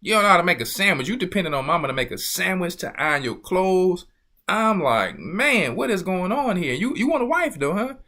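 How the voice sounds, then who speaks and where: Bright-voiced preaching man, emphatic. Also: high-pitched, sing-song, brisk. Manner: emphatic, rhetorical questions, scolding. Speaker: church elder. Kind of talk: preaching talk.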